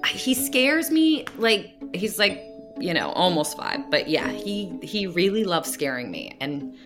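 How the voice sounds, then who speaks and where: A woman in her forties, an actor guest in a casual interview, talking loosely with fillers and soft laughs. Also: lowish voice, expressive, a little slow, over music.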